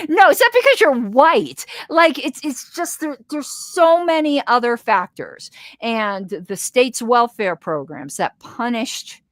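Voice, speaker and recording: A woman with a slight lisp, a guest in a casual interview, talking in an animated way with stumbling restarts. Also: fairly high pitch, slow pace, no echo, clean studio sound.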